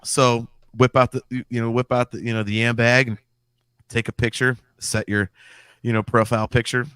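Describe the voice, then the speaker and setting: A man's voice: medium pitch, flat delivery, moderate pace, a bit bright, clean tone, no room sound. A man co-hosting a podcast, telling stories in a casual, profane chat. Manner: profane, storytelling. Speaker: podcast co-host.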